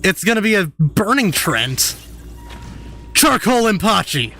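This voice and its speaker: A man's voice: high voice, very animated, unhurried, sharp tone, faint music behind. A young man streaming a game and chatting with viewers, swearing freely as he talks. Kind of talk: casual gameplay commentary.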